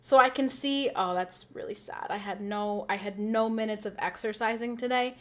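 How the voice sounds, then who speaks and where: A woman's voice: medium pitch, normal speed. A woman streamer chatting casually with her viewers, rambling and laughing often as she reads and answers chat.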